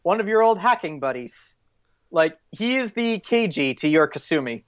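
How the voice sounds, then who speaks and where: A man running a tabletop role-play session as game master. He explains in a loose, rambling way, full of "like" and restarts. His voice sits a little high for a man. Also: big pitch swings. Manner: rambling, quick explanations with many fillers.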